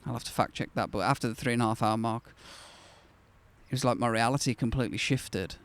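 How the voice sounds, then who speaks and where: A man's voice: medium pitch, fast, a bit bright. A man in his thirties, the host of his own channel, telling a personal story to camera in a candid, conversational way that turns reflective and then bursts with enthusiasm.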